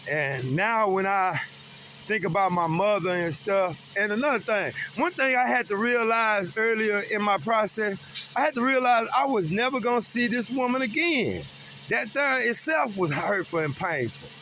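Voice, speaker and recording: A man's voice: sits high, lively intonation, moderate pace, pushed and bright, slight background noise. A middle-aged man, talking earnestly and emphatically about grief, swearing freely. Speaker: vlogger. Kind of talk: personal talk about grief.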